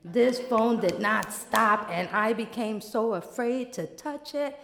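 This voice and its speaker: A woman from the Bronx, telling an animated personal story and laughing often. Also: a little high, slow, gravelly, a little hiss or hum. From the Bronx, New York. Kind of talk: storytelling monologue. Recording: echoey hall with long reverb.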